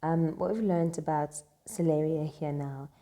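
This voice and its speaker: A woman's voice: sits low, measured pace, dark tone. A woman tutoring a play chattily, full of fillers and "right?" checks, speaking in a classroom. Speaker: literature tutor. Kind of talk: casual explanatory lesson with read-aloud quotes. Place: classroom with noise around.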